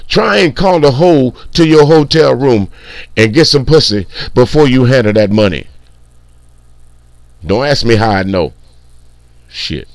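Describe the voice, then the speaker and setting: A man's voice: lowish voice, dry recording. A man hosting casual reaction commentary, blunt, profane and mocking. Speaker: commentary channel host.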